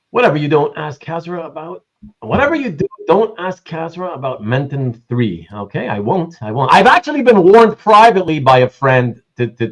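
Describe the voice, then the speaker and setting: A man hosting a casual livestream who greets viewers and reads the chat aloud in a rambling, animated way. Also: medium pitch, dull audio. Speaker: livestream host.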